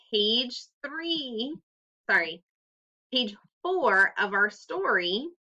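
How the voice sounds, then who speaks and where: A woman teacher giving a recorded reading lesson to young students, explaining clearly and patiently. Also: on the high side, pushed and bright. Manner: clear, patient read-aloud instructions. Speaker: third-grade teacher. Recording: dull lo-fi recording.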